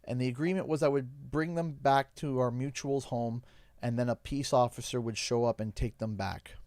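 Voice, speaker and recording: Young canadian guy on stream, choked up and halting, dry close mic. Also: mid-range voice, steady tone, a little mellow, dry recording. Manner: halting, emotional, pausing often. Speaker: livestream host. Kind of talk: emotional storytelling on a game stream.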